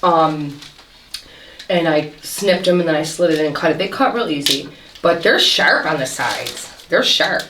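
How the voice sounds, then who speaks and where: A lively woman tells a story over a meal, acting out what everyone said. Her voice sits fairly low and reaches the mic from across an echoey room, with steady noise behind her. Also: a little slow, far from the mic. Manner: lively storyteller, acts out dialogue. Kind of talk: casual chat while eating. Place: home kitchen at a meal.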